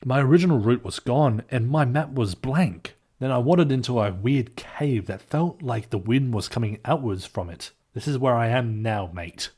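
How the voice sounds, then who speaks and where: A man voicing a casual, breezy female ant thief who keeps saying "mate", in a husky voice. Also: medium pitch, expressive, moderate pace, few pauses, a little mellow.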